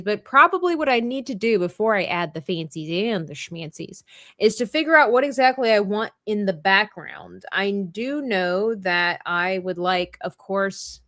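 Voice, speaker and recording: A woman's voice: medium pitch, a bit bright, no room sound, clean studio sound. A woman hosting a live drawing stream, chatting playfully and thinking aloud as she works. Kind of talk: casual chat while drawing.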